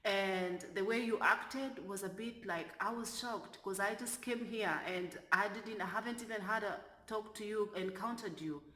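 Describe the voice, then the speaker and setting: A woman, a flight attendant, telling a story from work in an animated way that turns loud when she is exasperated. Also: medium pitch, moderate pace, few pauses, reverberant. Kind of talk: storytelling vlog.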